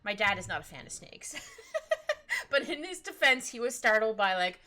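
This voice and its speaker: A woman chatting casually with her stream while she draws, rambling, giggly and easily excited. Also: mid-range voice, moderate pace, soft background music. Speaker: streaming artist.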